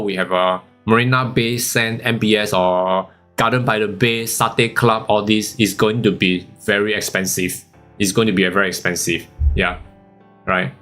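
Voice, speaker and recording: A man's voice: on the low side, fairly bright tone. A man with a Singaporean accent hosting a forex live stream, chatting casually and giggling often, with lots of "okay" and "huh". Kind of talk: casual chat during live trading.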